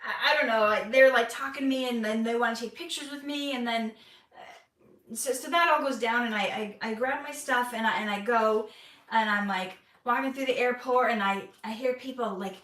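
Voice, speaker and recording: Bright, high-voiced woman telling a story. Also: moderate pace, recorded from a distance. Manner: laughs often, stammers and restarts. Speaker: actress and vlogger. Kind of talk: animated personal storytelling. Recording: echoey room, off mic.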